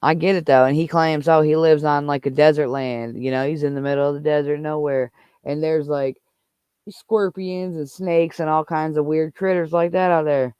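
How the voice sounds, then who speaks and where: A man in casual livestream chat, swearing and venting in an angry, heated rant. His voice sits a little high and comes through smooth and clean. The sound is close and dry, with no room in it. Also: little pitch movement, normal speed, no echo, lo-fi sound. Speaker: livestream host.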